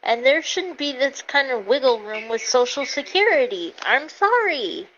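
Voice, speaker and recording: A woman's voice: sits high, sing-song, moderate pace, fairly bright tone. A woman in an angry rant, swearing and stammering over her restarts, exasperated. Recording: dull lo-fi sound with faint noise.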